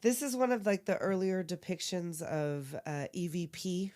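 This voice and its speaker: A woman's voice: on the low side, animated, normal speed, darkish tone. A woman co-hosting a podcast, reacting animatedly, chiming in and swearing casually as a film is recapped. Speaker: podcast co-host. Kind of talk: casual movie recap chat.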